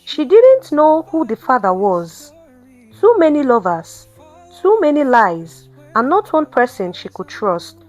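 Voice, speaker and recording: A woman hosting her own channel, narrating a story in a calm, measured way. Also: sits high, soft background music.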